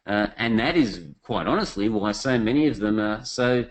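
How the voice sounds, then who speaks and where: A man's voice: lowish voice, moderate pace, poor audio. A man presenting a business webinar, telling stories in a chatty way and speaking straight to his audience. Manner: chatty storytelling, addresses the audience directly.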